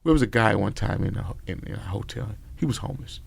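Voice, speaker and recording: A man's voice: on the low side, quick pace, creaky, slight background noise. A man, a former bodyguard and podcast guest, telling loose, profane stories full of quoted dialogue. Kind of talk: casual storytelling. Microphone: podcast mic.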